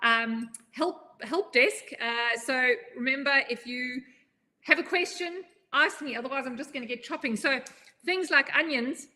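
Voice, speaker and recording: A woman's voice: sits high, measured pace, sharp tone. A woman chef giving a chatty, upbeat live knife-skills demonstration, joking at her own expense as she goes. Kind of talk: live cooking demo.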